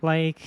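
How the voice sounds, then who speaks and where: A woman streamer chatting casually with viewers, telling stories in an animated way, swearing freely and laughing often. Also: dry recording.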